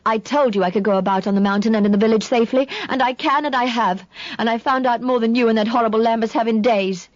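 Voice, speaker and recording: A woman's voice: a little high, fast talker, no echo, highs cut off. A woman reading an audiobook, voicing a spirited young woman who speaks in a breathless, outraged, tearful way. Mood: indignant.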